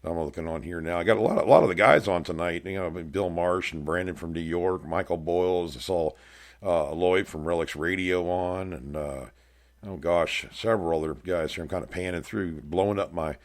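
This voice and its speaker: Middle-aged male host, very low voice, folksy rambling storyteller, casual show chat. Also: a little fast. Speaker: podcast host. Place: house room with bare walls.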